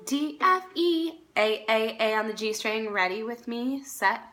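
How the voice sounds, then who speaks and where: A woman's voice: fairly high pitch, lively intonation, unhurried. A woman teaching a string practice lesson, patiently naming notes and counting the players in. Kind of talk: practice video instruction. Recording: violin playing behind. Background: violin music.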